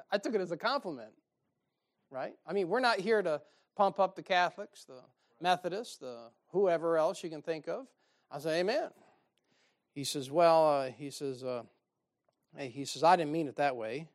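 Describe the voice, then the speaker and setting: Folksy preacher, higher-pitched man. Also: lively intonation, moderate pace, pauses often. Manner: folksy storytelling with dry sarcasm. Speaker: pastor. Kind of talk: sermon.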